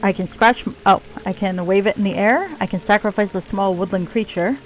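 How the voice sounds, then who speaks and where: A woman's voice: medium pitch, a little fast, soft background music, rough recording. Wry woman streaming a game. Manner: wry and sarcastic, reads game text aloud. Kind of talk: casual game commentary.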